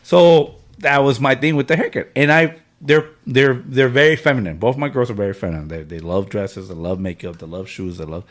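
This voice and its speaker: A podcast host in his thirties or forties talks fairly quickly with few pauses in a medium-pitched voice. Chatting casually among friends, he tells an emotional story packed with fillers and slang.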